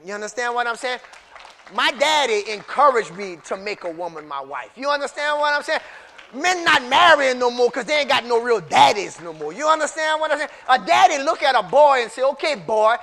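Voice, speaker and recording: A man preaching a sermon in casual, repetitive speech that swings from quiet storytelling to shouting. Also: extremely high pitch, expressive, brisk, gravelly. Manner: repetitive, casual street talk.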